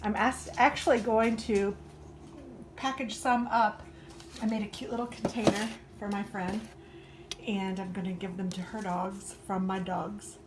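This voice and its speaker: A woman's voice: medium pitch, level tone, unhurried. A woman chatting casually at home in her kitchen as she bakes, cooing sweetly to her dogs. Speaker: home baking and crafting vlogger. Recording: noisy, with clattering dishes and clicks.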